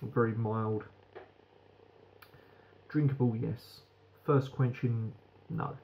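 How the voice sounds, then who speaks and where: A man's voice: medium pitch, steady tone, slow pace, warm tone, slight background noise, rough recording. A British man giving a frank, rambling beer review that swears casually.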